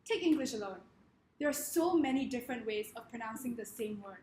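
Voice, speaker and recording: This young woman's voice is fairly high yet darkish in tone, animated and fairly quick, with a little hiss or hum in the echoey room. Speaking with a Singaporean accent, she delivers a funny speech in a playful, mock-grandiose way, laughing between lines.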